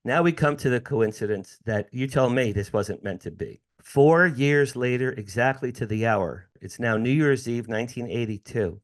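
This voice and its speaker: A man in his sixties from the United States, an interview guest telling a personal story with lively acted-out dialogue and frequent laughs. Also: medium pitch, normal speed, few pauses. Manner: animated storyteller, acts out dialogue, laughs often.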